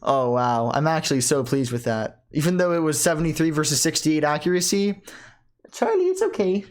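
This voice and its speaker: An excitable player talks through a chess game at home in a mid-pitched voice, jumping between excitement and puzzled muttering. They correct themselves mid-sentence and think out loud about every move. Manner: excitable, thinks aloud with quick self-corrections. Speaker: chess player commenting on own games. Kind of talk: casual live chess commentary.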